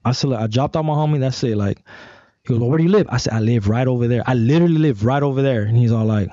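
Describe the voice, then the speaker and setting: A young man telling a story in casual talk, animated and acting out the voices of others. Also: medium pitch, very fast, no room sound, lo-fi sound. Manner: animated, acts out voices in stories, swears a lot. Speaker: guest.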